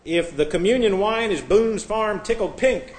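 A man's voice: high voice, moderate pace, a little hiss or hum. A man, a pastor, reading a list of jokes to his congregation and then moving into earnest Bible teaching.

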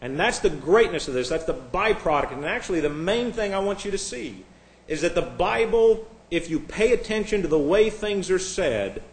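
A man's voice: high-pitched, big pitch swings, moderate pace. A man, a pastor, reading a list of jokes to his congregation and then moving into earnest Bible teaching.

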